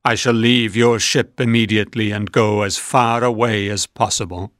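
A man's voice: on the low side, fairly even intonation, moderate pace, fairly bright tone, dry recording, clean studio sound, natural voice. A man voicing a grieving, remorseful male monster in a storybook reading, moaning and drawn out. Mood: mournful.

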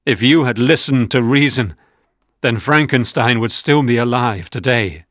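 A man's voice: mid-range voice, a little slow, a bit bright, no room sound, studio quality, close to an everyday voice. A man voicing a grieving, remorseful male monster in a storybook reading, moaning and drawn out. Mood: mournful.

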